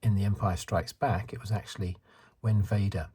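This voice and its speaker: A soft-spoken man in his fifties from the UK chats in a low, mellow voice with an extremely smooth, resonant tone. He rambles and corrects himself as he goes, in a relaxed ASMR style. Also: normal speed. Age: 50s. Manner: rambling, self-correcting, chuckles. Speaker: ASMR channel host.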